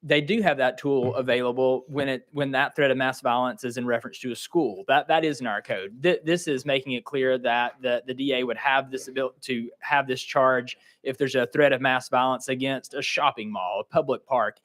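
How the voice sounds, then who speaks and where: A man's voice: medium pitch, fairly even intonation, fairly bright tone. Plainspoken male legislator presenting a bill. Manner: polite, brisk, plainspoken, with small restarts. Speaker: state representative, bill sponsor. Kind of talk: formal committee testimony. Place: legislative hearing room.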